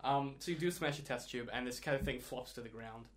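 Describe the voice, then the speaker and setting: A man's voice: medium pitch, brisk. A man narrating a tabletop game as game master, describing the scene in detail and often laughing as he goes.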